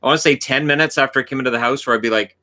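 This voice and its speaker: A man's voice: mid-range voice, rapid-fire, bright, forceful tone. A Canadian man hosting a livestream in casual chat, joking and playful, often slipping into silly voices. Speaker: livestream host.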